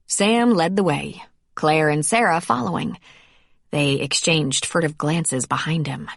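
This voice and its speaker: A woman's voice: low voice, measured pace, vocal fry, breathy edge, no room sound. Woman narrating an audiobook, dry and close. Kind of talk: scripted narration.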